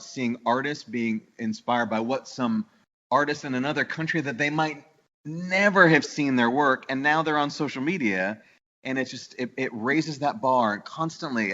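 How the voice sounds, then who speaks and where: A man's voice: medium pitch, pushed and bright, highs cut off. A man from the New York area talking as a business owner in a casual podcast interview, eager and rambling with many restarts. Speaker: guest, bakery owner.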